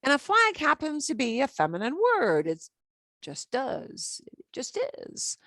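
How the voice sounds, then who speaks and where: Casting note: woman Spanish teacher, patient and animated, lively pitch, dry close sound. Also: unhurried, dry recording. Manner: patient, explains step by step, switches between English and Spanish; animated, light laughs. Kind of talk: beginner language class.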